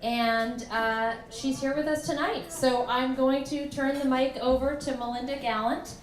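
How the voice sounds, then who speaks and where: High-voiced woman host in echoey room. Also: steady tone, unhurried, a little hiss or hum. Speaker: event host. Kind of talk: introducing a speaker. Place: tavern with live audience.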